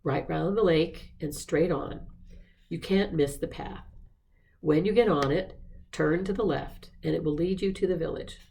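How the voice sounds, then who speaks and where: A woman reading the lines of a dry, teasing young English gentleman. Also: low voice, a little slow, gravelly, a little hiss or hum. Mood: wry.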